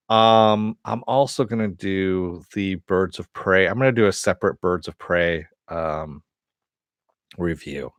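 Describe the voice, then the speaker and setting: A man hosting a casual spoken review of an animated series, rambling with many fillers, laughing often and swearing with enthusiasm. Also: lowish voice, no room sound, clean studio sound. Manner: profane and enthusiastic.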